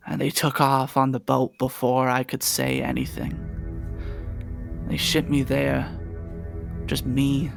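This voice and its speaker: Haunted old-souled satyr, low and somber, gravelly, a man doing it, over background music. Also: exaggerated voice. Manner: low, somber, partly whispered. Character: weary haunted male satyr telling his past.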